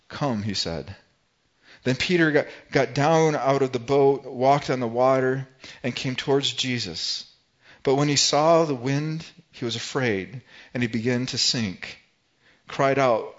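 A man preaching a sermon in an earnest voice, repeating words and phrases as he builds and softens his delivery. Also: medium pitch, normal speed, muffled recording. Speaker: pastor.

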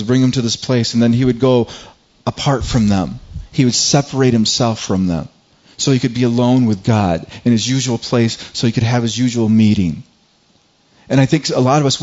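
A man preaching a sermon in a mid-range voice. He repeats words as he goes and climbs higher when he stresses a point. The recording is a little dull and muffled. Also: a little mellow. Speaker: pastor.

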